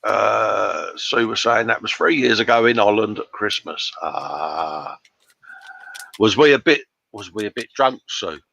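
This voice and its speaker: A man's voice: on the low side, unhurried, vocal fry, pushed and bright. A British man hosting a live workshop stream, chatting casually, laughing often and reading out viewer comments. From Britain. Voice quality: chummy, laughs often, says "mate" a lot. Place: home workshop bench. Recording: dull dry sound.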